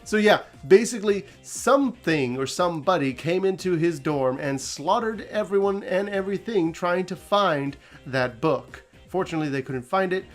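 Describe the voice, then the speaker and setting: A man's voice: sits high, lively intonation, moderate pace, few pauses, soft background music. A man hosting a casual story recap, talking animatedly, laughing often and acting out quotes. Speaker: host.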